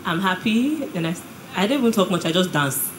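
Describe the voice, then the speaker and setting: A woman from the congregation speaks on a handed-over microphone. Her voice is low-pitched, quiet and reflective. Faint hall noise surrounds her. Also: expressive, fast. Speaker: congregation member. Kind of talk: sharing from the floor. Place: church auditorium, mic passed around.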